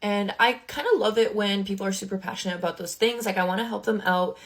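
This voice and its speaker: A woman's voice: medium pitch, fairly even intonation, fast talker. A young adult woman, a social media creator, telling a casual storytime from her bedroom makeup table, chatty and full of "like" with indignant asides.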